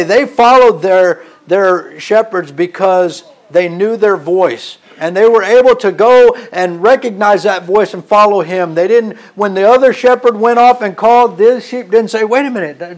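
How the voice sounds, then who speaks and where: A male preacher giving a sermon, telling stories and reading scripture aloud. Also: high-pitched. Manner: storytelling, reads scripture aloud.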